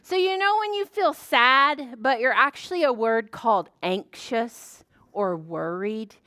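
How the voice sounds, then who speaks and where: Librarian lady doing preschool story time, high bright voice, dry close sound, lots of gasps. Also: unhurried, dry recording. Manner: animated, gasping, sing-song to children. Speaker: children's librarian.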